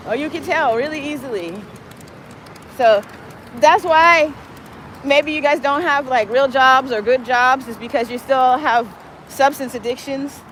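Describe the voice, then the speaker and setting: A woman's voice: high voice, measured pace, fairly bright tone, a little hiss or hum, low-quality recording. A woman livestreaming as she walks outdoors, talking casually in a meandering, profane way. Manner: profane, meandering, talks to her cat in baby talk. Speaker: live streamer. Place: outdoors on a city street, walking.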